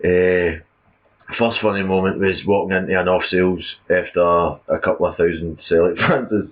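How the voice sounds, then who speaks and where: A man's voice: low voice, steady tone, normal speed. A Scottish man co-hosting a football podcast, talking casually in a laid-back way. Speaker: podcast co-host. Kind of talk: casual chat. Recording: tinny phone-like audio.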